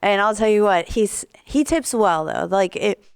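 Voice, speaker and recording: A woman's voice: medium pitch, animated, moderate pace, vocal fry, clean tone, no room sound, clean studio sound. A woman hosting an interview podcast in a casual, chatty way, laughing often and using lots of fillers. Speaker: podcast host and comedian.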